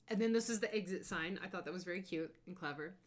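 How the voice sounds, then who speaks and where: Here a young female streamer talks through her travel pictures in a relaxed, effervescent way, squealing with excitement at times. Her pitch is fairly low.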